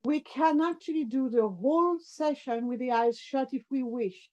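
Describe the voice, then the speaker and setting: A woman teaching a yoga class, calmly talking students through breathing and movements as she demonstrates. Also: sits high, moderate pace, highs cut off. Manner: calm, step-by-step guiding, demonstrating while talking. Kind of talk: guided yoga class instruction.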